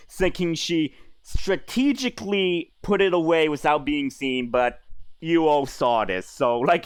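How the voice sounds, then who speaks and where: A man narrates a tabletop game as its game master, stopping often to hunt for words. His voice is fairly high for a man and smooth. It is recorded close, with no room sound. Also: no echo. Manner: hesitant, full of fillers and restarts.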